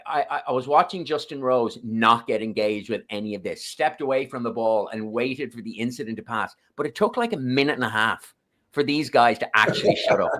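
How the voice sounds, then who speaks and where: A man's voice: mid-range voice, lively intonation, fairly quick, a bit bright. A man on a golf podcast panel telling long, rambling anecdotes in a casual chat. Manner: rambling, anecdotal, self-correcting.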